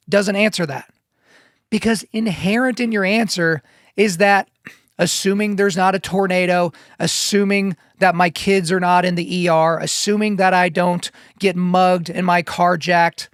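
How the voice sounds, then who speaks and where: A man's voice: high-pitched, steady tone, normal speed, clear, resonant tone, dry recording, clean studio sound. Emphatic man hosting a motivational podcast. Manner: emphatic and preachy, repeats key phrases. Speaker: podcast host. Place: home studio.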